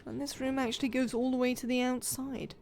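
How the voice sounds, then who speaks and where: A woman's voice: high-pitched, little pitch movement, fairly quick, darkish tone. A woman, chatting and rambling to herself as she plays a game on a live stream. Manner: chatty, rambling self-talk while playing.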